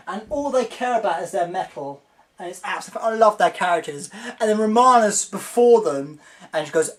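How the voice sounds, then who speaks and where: A young man giving a casual video review, excitable and rambling, often mimicking the characters. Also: high-pitched, a little fast.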